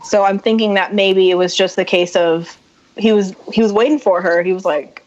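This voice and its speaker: A woman guest on a podcast telling a personal story in casual chat, animated and acting out the voices of people she quotes. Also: mid-range voice, moderate pace. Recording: muffled lo-fi sound.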